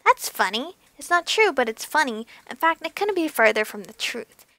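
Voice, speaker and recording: A woman voicing a sly young sorceress who cursed men, reading game dialogue aloud in a calm, probing way. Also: sits high, normal speed, no room sound, heavily acted. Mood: storytelling. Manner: calm, cool, probing questions.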